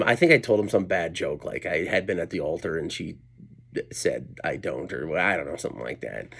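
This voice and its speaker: A man's voice: low-pitched, expressive, brisk, vocal fry, a bit bright. A middle-aged man and comedian telling a rambling, self-deprecating story at home late at night, full of asides and restarts. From Colorado, USA. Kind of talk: casual storytelling monologue.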